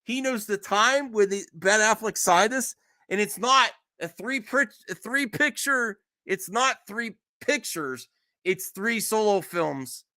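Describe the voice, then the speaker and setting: A man's voice: high-pitched, lively intonation, slow pace, bright, forceful tone. A man hosting a casual live stream, reacting bluntly and with exasperation, swearing freely as he reads chat. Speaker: streamer host.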